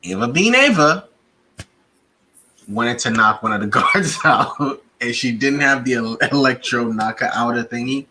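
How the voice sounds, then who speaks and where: A man co-hosting a casual review chat, retelling scenes in a lively way and jumping into high-pitched bursts when he acts out characters. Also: measured pace, a little hiss or hum, low-quality recording. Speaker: podcast co-host reviewing a TV series.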